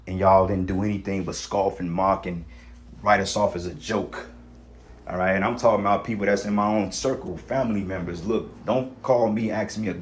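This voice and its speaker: A man's voice: low voice, slight background noise. A man ranting casually about religion and society in a blunt, profane, rambling way, full of street slang. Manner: street slang, frequent "you know what I'm saying". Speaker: religious vlogger.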